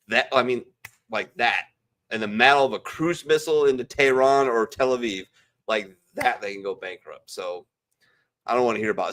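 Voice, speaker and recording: This man's voice sits in the mid-range with a fairly bright tone. He's a podcast host at home running a casual veterans' chat over a video call, rambling through opinions with blunt, profane talk.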